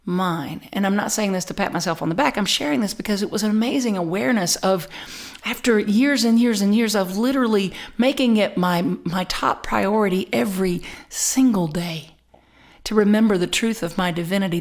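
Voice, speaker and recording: A middle-aged woman minister preaching a sermon, telling a personal story with lively, animated delivery and frequent repeats and restarts. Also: medium pitch, moderate pace. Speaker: spiritual community minister.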